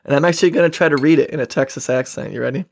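A man's voice: on the high side, racing, creaky, a little mellow. A man co-hosting a casual political talk show, sarcastic and joking, laughing often. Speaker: podcast co-host.

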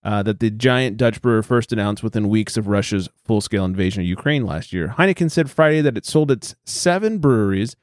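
A man's voice: on the low side, expressive, brisk, few pauses, no room sound, studio quality. A man hosting a casual podcast, reading beer news headlines aloud and joking about them. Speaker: podcast host.

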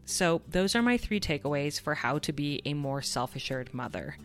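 A woman's voice: low voice, lively intonation, moderate pace, soft background music. A woman in her thirties hosting a parenting podcast, telling a personal story in an earnest, confessional way. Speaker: podcast host. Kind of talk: scripted podcast monologue.

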